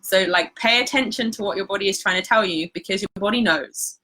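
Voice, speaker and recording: A woman talks casually into her live-stream mic, her voice bright and clear. She sounds reassuring and chatty, filling her sentences with "like" as she answers viewers. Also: mid-range voice, a little fast. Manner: chatty, reassuring, many fillers like "like". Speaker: holistic practitioner hosting a live stream.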